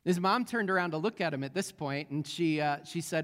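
A man's voice: a little high, brisk, few pauses, a bit bright, in a large hall. A man preaching a sermon as pastor, telling a story with many fillers and restarts.

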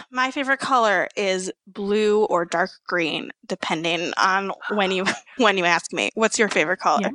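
A woman guest-hosting a podcast in casual chat, giggly and animated as she tells stories. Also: medium pitch, measured pace, no echo. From Chicago area. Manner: giggly, chatty, animated storytelling. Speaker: guest co-host.

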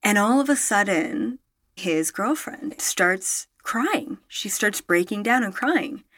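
A woman's voice: mid-range voice, slow, no room sound, clean studio sound. A woman telling a personal story to her viewers, rambling and emphatic, full of fillers and self-corrections, with the odd swear word. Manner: swearing, animated when excited. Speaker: spiritual storyteller vlogger. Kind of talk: casual personal storytelling to camera.

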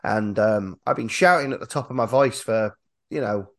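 Hoarse joking male podcast host. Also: fairly low pitch, moderate pace, a bit bright. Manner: jokey, self-deprecating, stumbling restarts. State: hoarse, lost voice. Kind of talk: casual podcast chat.

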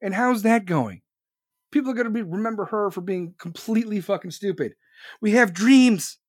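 A man's voice: high voice, lively intonation, a little fast, dry recording, clean studio sound. A man hosting a podcast, ranting solo in a profane, sarcastic, heated way. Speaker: podcast host.

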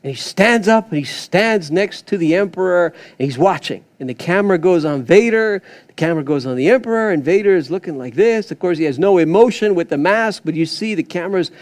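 A man preaching a sermon as pastor, telling a story in an animated, rambling way with many fillers and restarts. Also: high-pitched, a little fast.

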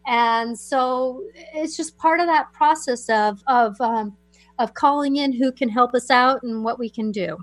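A woman on a call-in radio show, gently counselling a caller in a soothing, meandering way with many fillers and restarts. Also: a little high, unhurried, no echo, soft background music. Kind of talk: gentle spiritual advice to a caller.

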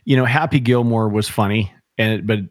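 A man's voice: on the low side, normal speed, no echo, clean studio sound. A middle-aged man in casual chat, an enthusiastic storyteller who retells film scenes.

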